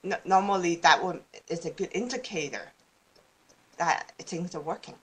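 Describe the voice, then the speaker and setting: A woman with a somewhat low voice talks as a guest on a casual podcast. She rambles, breaks off and restarts her sentences, and laughs easily as she explains her ideas. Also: normal speed, slight background noise. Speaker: guest speaker on law of attraction.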